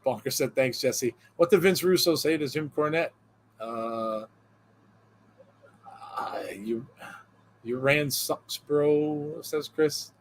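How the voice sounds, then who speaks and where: A man's voice: on the high side, slow pace, long pauses, slight background noise. A man casual podcast host, chuckling and rambling. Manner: chuckles often, loose and rambling with many fillers. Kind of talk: casual chat, reading out viewer jokes.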